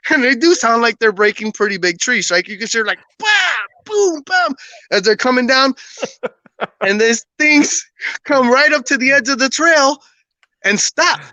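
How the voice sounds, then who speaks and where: A man who is a podcast guest, casually telling a personal story in an animated way, often laughing and acting out what people said. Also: very high-pitched, moderate pace, no room sound, rough recording.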